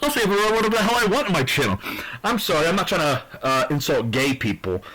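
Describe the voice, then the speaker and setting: A man's voice: fairly high pitch, sing-song, fast, a bit bright, poor audio. A man from New Jersey hosting a sports picks channel, ranting in a profane, aggressive, heated way. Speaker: YouTube sports channel host.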